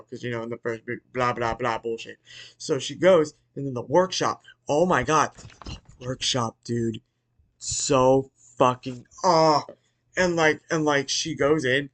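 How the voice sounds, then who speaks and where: An excitable man rambles through a movie recap in an everyday middle-pitched voice. He stumbles over restarts, swears casually and jumps from mumbling to sudden loud bursts of excitement. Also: a little slow. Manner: rambling, profane, with many restarts. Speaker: movie reviewer.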